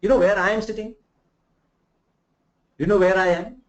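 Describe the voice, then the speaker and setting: A man from India giving a live remote soft skills lecture, animated, asking the audience rhetorical questions and demonstrating examples. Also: sits high, moderate pace. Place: room in Bangalore. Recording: roomy, dull lo-fi sound.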